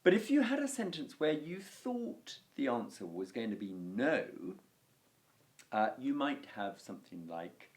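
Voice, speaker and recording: A man giving a relaxed Latin grammar lesson, unhurried and patient. His pitch moves freely through each sentence, and he slows right down for each example phrase. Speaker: Latin teacher.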